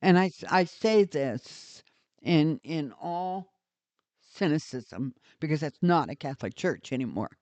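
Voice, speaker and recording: A woman's voice: low voice, lively intonation, a little slow, a little mellow, dry recording. An older woman delivering an indignant, sarcastic rant as a vlogger, scornful and blunt. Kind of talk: ranting monologue to camera. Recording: dull lo-fi recording.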